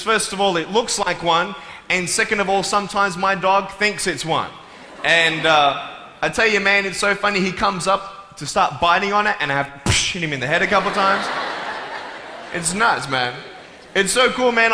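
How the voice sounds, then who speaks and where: A man's voice: high voice, sharp tone, a little hiss or hum. Playful man joking to a big hall. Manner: playful and jokey, with quick asides. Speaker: motivational speaker. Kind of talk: humorous stage talk to an audience. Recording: echoey hall with faint room ambience.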